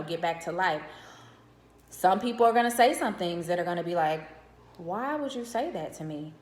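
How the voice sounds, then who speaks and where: Earnest middle-aged woman, numbered tips. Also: lowish voice. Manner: often checks in with the viewer. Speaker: widow sharing grief advice. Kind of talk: vlog advice talk. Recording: roomy echo.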